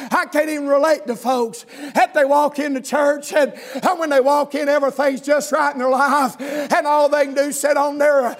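A preacher, a man with a strikingly high voice, delivers a revival sermon. He hollers and slides into a sing-song cadence, dropping amens between his lines.

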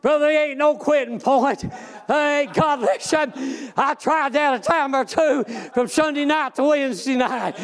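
A man preaching a fervent sermon in folksy, plain speech, breaking often into shouts and drawn-out exclamations. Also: very high-pitched, a faint crowd.

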